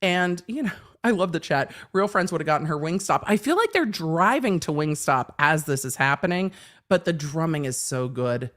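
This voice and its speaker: Woman, livestream host, casual chat, swears freely, slightly low voice. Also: moderate pace. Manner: animated, laughing, swearing freely. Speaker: legal commentary livestream host.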